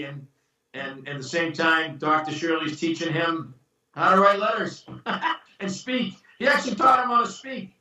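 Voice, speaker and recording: Animated storytelling man, bright voice. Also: on the high side, moderate pace. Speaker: screenwriter and producer guest. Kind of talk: casual interview chat. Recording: roomy, distant from the mic.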